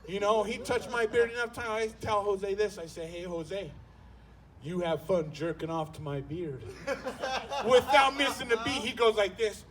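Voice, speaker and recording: A man's voice: sits high, measured pace, far from the mic. A man doing stand-up comedy, telling a long profane story and acting out the people in it with shifting voices. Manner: profane, animated, acts out characters with voice shifts.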